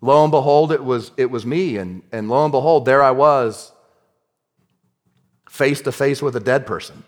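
A male pastor telling a story in a sermon, swinging between hushed storytelling and shouting. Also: mid-range voice, normal speed, in a large hall.

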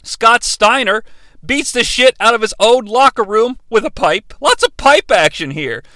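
A man hosting a casual solo podcast, animated and sardonic, talking close into the microphone. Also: very high-pitched, measured pace, no room sound. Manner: animated and sardonic, slipping into impressions. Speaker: podcast host.

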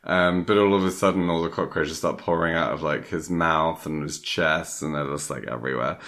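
A man's voice: a bass voice, steady tone, normal speed, fairly bright tone. A man in casual chat, retelling a film plot in a rambling way, full of fillers and little acted-out quotes. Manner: acts out lines of the film.

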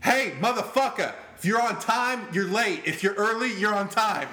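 Brash barking Boston hardass, impression by a man, pushed up in pitch and volume, roomy echo. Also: normal speed, pushed and bright. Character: brash foul-mouthed Boston man, drill sergeant temper.

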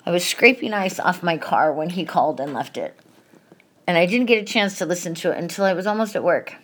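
Her voice on the low side yet fairly bright in tone, a middle-aged podcast host talks a little fast. She pours out a painful family story in a candid, emotional confessional monologue, swearing without restraint.

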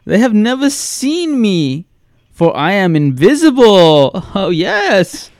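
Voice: medium pitch, big pitch swings, takes it slowly, darkish tone, dry recording, studio quality, voice pushed up. A podcast co-host doing a celebrity impression while reading a killer's letter aloud. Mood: theatrical. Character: impression of a famous cult-film actor reading a killer's letter.

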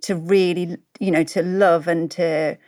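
A woman's voice: fairly low pitch, fairly even intonation, a little slow, darkish tone, no room sound, clean studio sound. A woman co-hosting a podcast, sniffling with a stuffy nose as she rambles and reflects, with self-deprecating remarks. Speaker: podcast co-host. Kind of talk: reflective interview talk.

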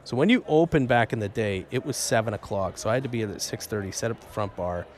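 A man in his forties telling a story in casual radio chat, animated and acting out what people said. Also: quick pace, a little hiss or hum. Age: 40s. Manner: animated storyteller, acts out quotes, trails into low mumbles. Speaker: guest storyteller.

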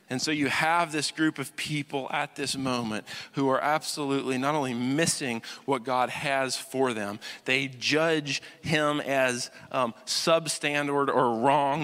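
Pastor guy preaching in a big church hall, bright ringing voice, keeps asking if you follow him. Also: on the high side, normal speed. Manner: swings from loud emphatic to hushed intense. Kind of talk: sermon. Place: church auditorium. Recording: long reverb of a large hall.

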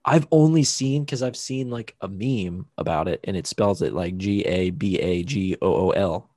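A man's voice: low voice, normal speed, mellow, no room sound, clean studio sound. An American man co-hosting a podcast, chatting casually, rambling, laughing and swearing freely. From United States. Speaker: podcast co-host. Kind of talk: casual chat.

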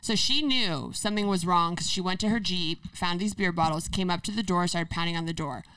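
A woman's voice: fairly low pitch, fairly quick, smooth, dry recording, far from the mic, rough recording. Woman telling a story a bit off mic. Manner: animated storyteller, acts out quotes. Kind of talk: casual chat.

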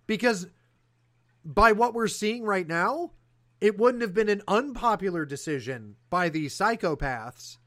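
A man with a somewhat high voice gives political commentary as a talk show host. He is sarcastic and animated, and he restarts his sentences often. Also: normal speed. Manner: animated, sarcastic, talks through restarts and fillers. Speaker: podcast host.

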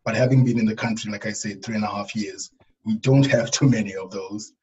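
Middle-aged guy from africa, talks slow and careful, lots of ums, kinda muffled lo-fi audio. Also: on the low side, darkish tone. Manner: thoughtful, hesitant with fillers. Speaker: panel guest. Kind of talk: casual discussion.

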